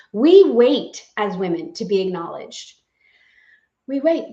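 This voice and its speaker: A woman's voice: medium pitch, big pitch swings, moderate pace, vocal fry, warm tone, roomy sound, muffled recording. A woman guiding a live spiritual lesson, playful and effusive, laughing often as she leads affirmations and breathing. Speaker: spiritual course guide. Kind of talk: live guided affirmation session.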